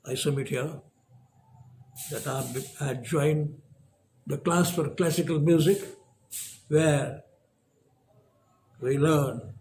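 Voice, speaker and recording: A man giving a lecture as a professor, measured and emphatic, with long pauses. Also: fairly high pitch, a little mellow, slight background noise.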